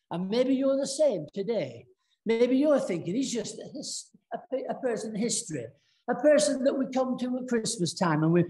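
Earnest preacher with a Northern English accent, roomy. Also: male voice, extremely high pitch, darkish tone. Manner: earnest, storytelling with many restarts. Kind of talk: sermon. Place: church.

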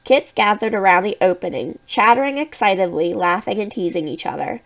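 A woman reads a spooky children's book aloud in the first person. Her reading is expressive and suspenseful, with a moderate, ordinary pitch for a woman. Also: fairly quick, hardly any pauses, muffled recording. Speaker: audiobook reader. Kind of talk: storybook narration in first person.

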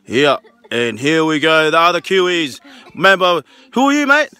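A man hosting a family vlog, interviewing players and calling a pretend match like an excited live sports commentator. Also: on the high side, moderate pace. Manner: excited interviewer, shouts chants and play-by-play.

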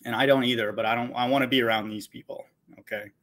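A man's voice: mid-range voice, steady tone, quick pace, a bit bright. A man hosting a Bible channel, reading scripture aloud and commenting on it in a blunt, scornful way, repeating "okay" between his points. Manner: blunt and insulting, mocks listeners.

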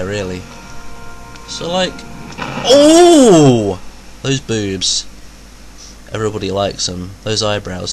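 Slow-talking gamer with a cold. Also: male voice, mid-range voice, a bit bright. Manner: chatty, joking, exclaiming at the game. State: has a cold, a bit nasal. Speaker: gaming video host. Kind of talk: casual let's-play commentary.

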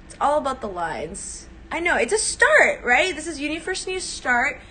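A woman's voice: high-pitched, big pitch swings, normal speed, few pauses, bright, forceful tone, slight background noise, poor audio. A young woman chatting casually on a livestream, giggly and self-conscious as she practices a character. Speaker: livestream host.

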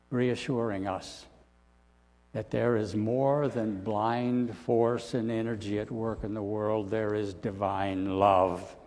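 A male pastor preaching a sermon in a dramatic style, often sinking to soft, low endings. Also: in a large hall. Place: church sanctuary.

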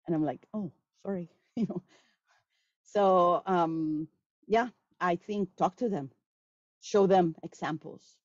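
A woman answering questions after a talk on language teaching, animated and acting out quoted students. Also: on the low side, takes it slowly, pauses often, dry recording. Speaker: guest speaker on language teaching. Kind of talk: lecture Q&A answer. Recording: dull lo-fi sound.

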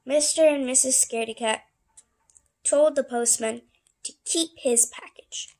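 A woman reading a children's picture book aloud, expressive and unhurried, with asides to listeners. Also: sits high. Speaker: storybook reader.

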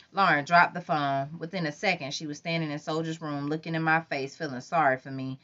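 A woman reading a first-person novel aloud as an audiobook, in a plain, even manner. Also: deep voice, brisk, hardly any pauses. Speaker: audiobook reader. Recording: dull lo-fi recording.

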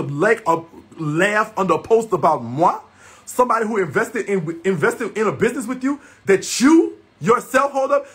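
Husky high-pitched man ranting. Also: a bit bright. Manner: heated, repetitive, confrontational. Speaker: livestreamer. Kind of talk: angry profane rant to viewers.

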